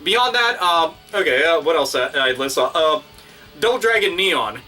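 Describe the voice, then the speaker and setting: A man hosting his own video, ranting casually and excitedly with constant swearing and crude exaggeration. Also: a little high, moderate pace, recorded from a distance, faint music behind. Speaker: video host. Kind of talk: casual profane rant.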